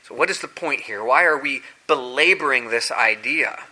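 A man preaching a sermon, telling scripture stories dramatically and acting out the quoted lines with big swings in pitch and loudness. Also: moderate pace, low-quality recording.

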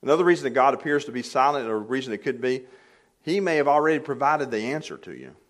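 A man's voice: mid-range voice, animated, fast talker. An older man preaching a sermon in a church, plainly conversational with light humor, rising to emphatic peaks on key points. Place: church sanctuary.

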